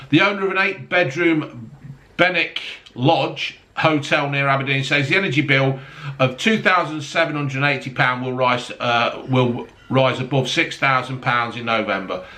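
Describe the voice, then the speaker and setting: A man's voice: medium pitch, expressive, unhurried, bright, forceful tone. A man ranting angrily in casual chat, swearing as he talks to camera. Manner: angry, sweary rant. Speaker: vlogger.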